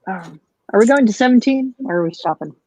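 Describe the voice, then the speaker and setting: A woman's voice: medium pitch, lively intonation, fairly quick, a little mellow, muffled recording, slight background noise. A woman co-hosting a live building stream who chats in an easygoing way and laughs often. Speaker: co-host. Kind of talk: casual chat while building.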